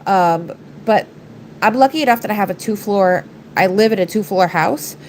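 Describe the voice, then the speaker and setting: A woman's voice: mid-range voice, moderate pace, darkish tone, a little hiss or hum, poor audio. A congested woman, chatting casually to viewers while she livestreams her nail art from her work desk. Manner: chatty, rambling, talks to viewers and her pets. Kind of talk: casual livestream chat while doing nails.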